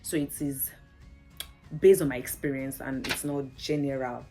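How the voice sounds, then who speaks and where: A woman's voice: extremely low pitch, fairly even intonation, moderate pace, mellow, faint music behind. A Nigerian woman vlogging in a casual, chatty, storytelling way, laughing often and saying "like" a lot. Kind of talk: casual chat to camera.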